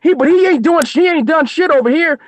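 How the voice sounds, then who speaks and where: A brisk, very high male voice belongs to an American co-host of a boxing live stream. He's in the middle of a heated rant, angry and cursing nonstop.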